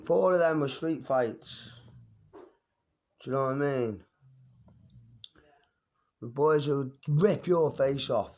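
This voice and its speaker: A man's voice: medium pitch, takes it slowly, long pauses, a little mellow, lo-fi sound. Bragging, streetwise young man. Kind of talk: boastful fight-story vlog.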